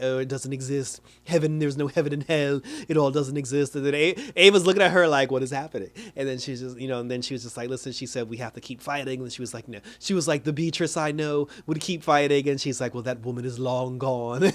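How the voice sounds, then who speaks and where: Animated man recapping a TV episode. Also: mid-range voice. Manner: animated retelling, laughs often, paraphrases characters' lines. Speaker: TV show reviewer.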